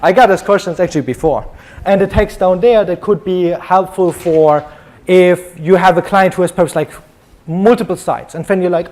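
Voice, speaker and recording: A man's voice: high-pitched, normal speed, darkish tone. A young man from Germany with a German accent, giving a chatty, joking conference talk full of ums. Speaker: conference speaker.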